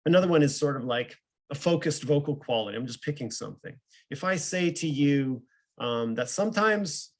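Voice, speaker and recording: A man with a medium-pitched, sing-song voice speaks at a normal speed, giving a conversational online seminar over a video call. He is a psychologist and professor who explains with examples and often ends his points with a questioning "right?"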